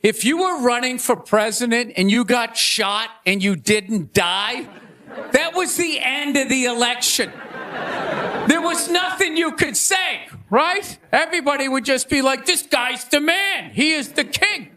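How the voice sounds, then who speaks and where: A middle-aged man with a Boston accent doing a stand-up comedy rant, animated and shouting, slipping into mocking impressions. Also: very high-pitched, measured pace. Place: comedy stage before a live audience. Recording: live stage with crowd laughter.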